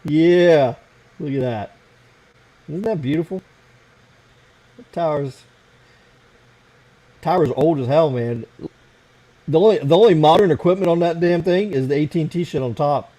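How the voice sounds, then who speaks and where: A man's voice: a little high, a little slow, long pauses, warm tone, low-quality recording. An American man hosting a casual late-night livestream, rambling and swearing as he fiddles with his computer. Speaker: livestream host.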